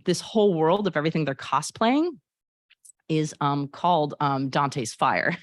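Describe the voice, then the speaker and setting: Brief: playwright, woman, low pitch, chatty setup before a reading, dry close sound. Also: no room sound. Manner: chatty, fond, many fillers and restarts. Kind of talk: introducing a reading of her play.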